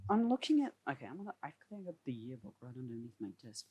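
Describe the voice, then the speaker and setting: This young male podcast host races along with big pitch swings, his mid-range voice darkish and edged with breathiness, and there's no room sound. He's at home on a remote voice-chat call via computer mic, chatting casually, laughing and rambling.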